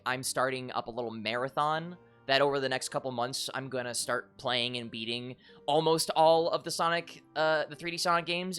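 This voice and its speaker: A streamer chatting casually on a live stream, excitable and crude, joking around and getting loud and high-pitched when riled up. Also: clean tone. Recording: stream audio with game music behind.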